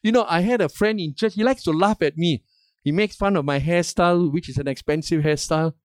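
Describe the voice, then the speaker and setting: A man's voice: fairly high pitch, fairly quick, no room sound, clean studio sound. An older man preaching a sermon as a pastor, emphatic and asking the congregation questions for response.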